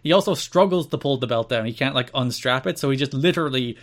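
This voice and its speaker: A man in a mid-pitched voice co-hosts a casual wrestling podcast. He recaps the shows with eager, chatty energy and slips into short impressions of the wrestlers. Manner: enthusiastic, retells matches with quick impressions. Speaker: podcast co-host.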